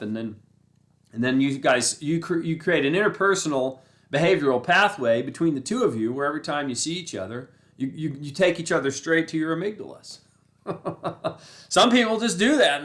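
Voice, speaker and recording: Casting note: mid-pitched man, loose conversational host, rambles, keeps checking in with "right?". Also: a bit bright. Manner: breaks into laughter, repeats phrases for emphasis. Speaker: channel host. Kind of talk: casual spoken talk on Buddhism and the mind.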